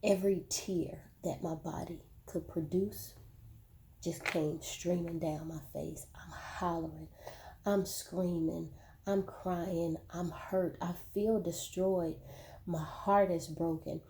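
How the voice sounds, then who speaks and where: A woman slowly sharing a painful personal story straight to her viewers, often repeating words as she goes. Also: fairly low pitch, steady tone, warm tone, slight background noise. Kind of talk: personal testimony, spoken to viewers.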